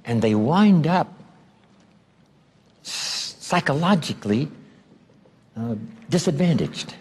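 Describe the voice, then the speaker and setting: A man giving a motivational seminar lecture, emphatic and drawing out key words slowly. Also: on the high side, lively intonation, a little mellow, slight background noise. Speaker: seminar speaker. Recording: long hall reverb.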